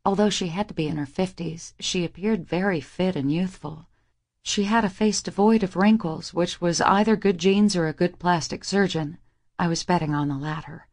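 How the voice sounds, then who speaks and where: A young woman narrating a first-person romance audiobook in an intimate, even manner. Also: fairly low pitch, moderate pace.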